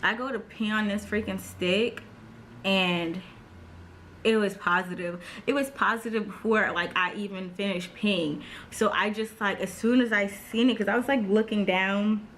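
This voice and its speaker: A young woman in her twenties talking casually in a storytime vlog, chatty, full of "like" and quick laughs. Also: mid-range voice, steady tone, a bit bright, a little hiss or hum. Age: 20s. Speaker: vlogger.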